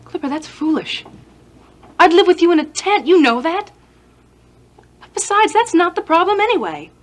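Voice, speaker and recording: A woman's voice: extremely high pitch, big pitch swings, moderate pace. An actress playing a wary young woman who doubts her boyfriend in a 1980s TV soap opera. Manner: skeptical, sharp.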